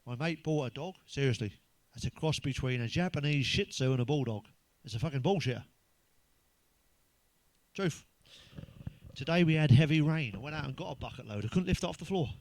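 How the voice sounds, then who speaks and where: An English man doing a stand-up routine of crude, blunt one-liners, full of swearing, who pitches up when he quotes other people. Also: lively intonation, brisk, no room sound. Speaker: stand-up comedian.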